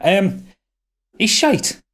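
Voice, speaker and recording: A man's voice: sits high, big pitch swings, drawn-out words, fairly bright tone. A man co-hosting a podcast, ranting and swearing as he critiques a film. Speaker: podcast co-host. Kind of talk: casual podcast chat.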